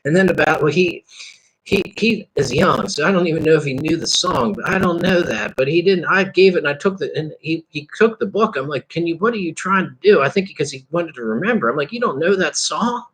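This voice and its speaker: A man rambling through a reflective spiritual monologue, halting and restarting, breaking into bits of song and laughter. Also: a little high, lively intonation, fairly bright tone, husky. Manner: meandering, halting, with bits of sung lyric and laughter. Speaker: vlogger.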